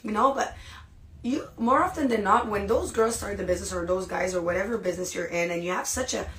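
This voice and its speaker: Energetic woman giving a motivational talk. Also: medium pitch, quick pace. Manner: energetic, casual, peppered with "right?" and "you guys". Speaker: podcast host. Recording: echoey room.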